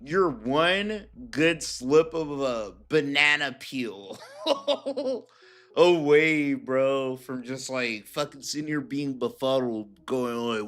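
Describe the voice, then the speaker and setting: A man's voice: mid-range voice, expressive, slow pace, a bit bright. A man ranting casually and profanely while reacting to clips on his stream. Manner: profane, rambling, emphatic. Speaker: streamer commentator. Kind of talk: casual commentary rant.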